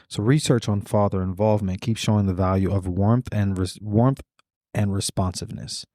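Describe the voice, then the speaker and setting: A middle-aged man hosting a podcast, speaking in a measured, deliberate monologue with slow emphatic pauses. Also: lowish voice, warm tone, no room sound, clean studio sound. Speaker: podcast host. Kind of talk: reflective podcast monologue on fathering.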